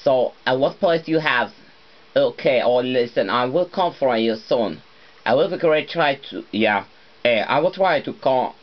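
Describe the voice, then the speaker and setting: A man's voice: medium pitch, lively intonation, measured pace, lo-fi sound, natural voice. A man putting on a British accent to play a chummy bloke who keeps calling out "mate" and invites a friend over. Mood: inviting. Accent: British (imitated).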